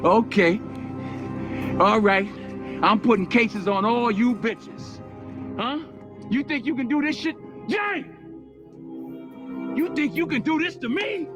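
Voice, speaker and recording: A raging crooked street cop. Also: male voice, very high voice. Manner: profane, shouting, menacing swagger. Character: raging corrupt male street cop threatening a crowd. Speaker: film character in a played clip. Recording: film clip with loud score behind.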